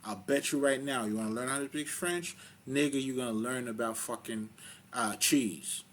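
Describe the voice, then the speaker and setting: A man giving a casual spiritual talk, rambling and profane, full of fillers and loud laughs between points. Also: mid-range voice, moderate pace, a little hiss or hum. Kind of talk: casual spoken monologue.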